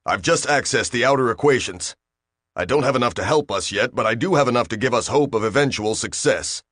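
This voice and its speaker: A man reading aloud, voicing a sour, nasal male alien science officer in a lowered, dry voice. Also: brisk, a bit bright, no room sound, natural voice.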